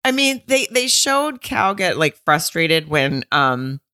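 A woman co-hosting a casual podcast recap, talking in an animated, emphatic way with frequent swearing. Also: low voice, takes it slowly, dry recording, clean studio sound. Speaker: podcast co-host.

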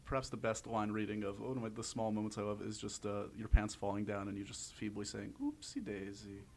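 A man's voice: fairly low pitch, little pitch movement, quick pace, a little hiss or hum. A man hosting a conversational interview who speaks eagerly and admiringly about the guest's films, like a longtime fan. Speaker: interview host.

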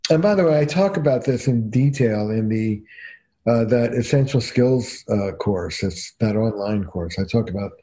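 A man's voice: lowish voice, normal speed. A man, a couples therapist, telling stories emphatically as a guest on a podcast interview. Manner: emphatic, animated storyteller.

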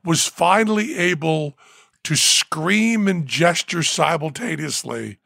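A man co-hosting a podcast, telling a story in casual chat, animated and breaking into loud whoops. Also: on the high side, slow, vocal fry, no room sound, studio quality. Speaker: podcast co-host.

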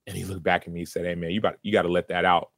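A man's voice: sits low, level tone, rapid-fire, gravelly, a bit bright, dry recording. A man in his thirties, a former football player, earnestly recounting a personal story in an interview, with many restarts.

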